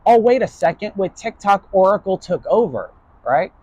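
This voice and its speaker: A man's voice: high-pitched, very animated, normal speed, a little mellow, breathy edge, no echo. A man from New York giving a casual, blunt lecture to his online class, swearing freely and ending nearly every point with "right?". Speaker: online philosophy class host.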